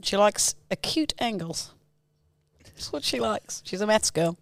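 A woman's voice: mid-range voice, lively intonation, measured pace, gravelly, no echo. A woman, a podcast co-host in casual, joking chat. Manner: joking and teasing.

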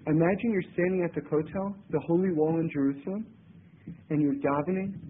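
A man giving a spiritual talk with personal stories, halting and often repeating words as he restarts. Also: fairly high pitch, steady tone, slight background noise. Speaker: religious teacher. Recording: tinny phone-like sound.

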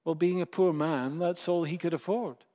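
A man preaching a sermon, slow and emphatic, with dramatic pauses. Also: fairly high pitch, fairly even intonation, dark tone, big-room sound.

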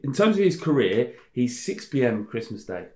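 A man co-hosting a podcast, thinking out loud in casual chat and often repeating words. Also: mid-range voice, sing-song, moderate pace, roomy sound, crowd noise. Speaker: podcast co-host.

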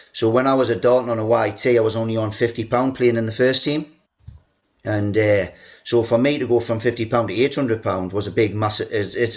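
An Englishman with a lowish voice yarns about his football days as a podcast guest, loose and chatty, full of "you know" and "like." In this casual storytelling interview, he sometimes mimics a chairman shouting down the phone at him.

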